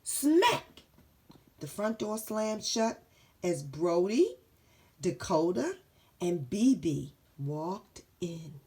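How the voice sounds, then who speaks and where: A woman reading a children's story aloud, slow and animated, pausing to ask the listener questions. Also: on the low side, breathy edge. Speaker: storybook reader.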